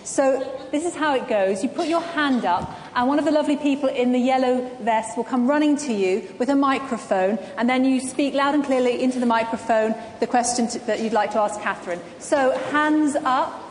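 A woman's voice: high voice, fairly quick, hardly any pauses, slight background noise. Woman hosting a stage interview, echoey hall. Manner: warm prompting questions, addressing the audience. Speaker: interviewer and event host. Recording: echoey hall with long reverb, faint ambience.

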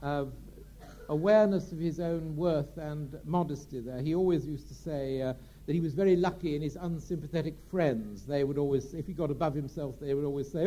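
A male raconteur spins theatrical anecdotes in a chatty, halting way. His voice sits fairly high but sounds mellow and warm. He pauses often with fillers. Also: dull audio. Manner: chatty, hesitant with many fillers. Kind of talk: anecdote telling.

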